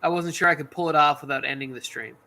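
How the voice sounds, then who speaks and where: A man hosting a sports watch party stream, chatting casually and rambling excitedly, a bit tipsy from drinks. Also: quick pace. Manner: excitable and rambling, jumps into high exclamations.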